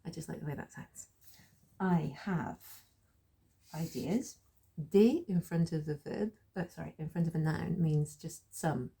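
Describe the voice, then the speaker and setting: A woman with a low, gravelly, very dark voice teaches a French lesson. She explains patiently, says each French phrase several times and laughs at her own slips. There's a husky edge to her tone. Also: a little slow. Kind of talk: relaxed spoken lesson.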